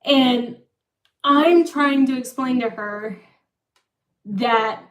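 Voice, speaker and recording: Drawing out her words in a high-sitting voice, a young livestream host casually recounts a long personal story, looping back and repeating herself. The room is echoey and she sits far from the mic.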